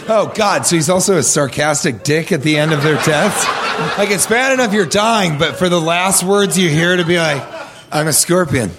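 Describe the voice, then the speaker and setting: A man co-hosting a comedy podcast, teasing and cutting in with quick jokes. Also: high voice, a crowd in the background. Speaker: podcast co-host.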